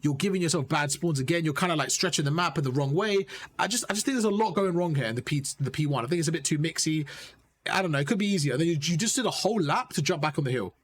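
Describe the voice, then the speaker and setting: A man coaching a player through gameplay footage, direct and animated, repeating his points and calling him bro. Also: on the high side, fast talker. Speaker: gaming coach.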